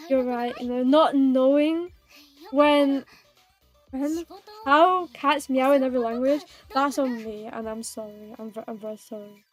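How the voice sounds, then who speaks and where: A woman's voice: high voice, darkish tone. A woman streamer chatting casually with her viewers in a playful, giggly, rambling way, teasing them and herself.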